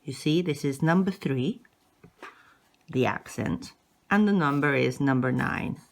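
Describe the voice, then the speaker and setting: A woman teaching a language lesson, slowly modeling each word and exaggerating the tones for learners to repeat. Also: low voice, creaky. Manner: exaggerates rising and falling tones.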